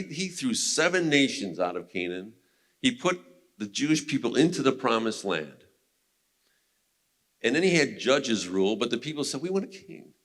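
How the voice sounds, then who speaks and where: A man's voice: mid-range voice, a bit bright. A man teaching a men's Bible study in a casual, conversational way, retelling scripture stories and laughing now and then.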